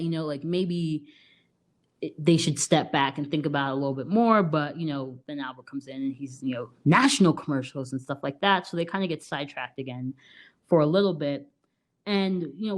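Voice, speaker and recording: Low-voiced woman co-host, casual and chatty, retelling a movie plot with lots of fillers. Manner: chatty, many "like" and "you know" fillers, laughs often. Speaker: podcast co-host. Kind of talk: casual film review.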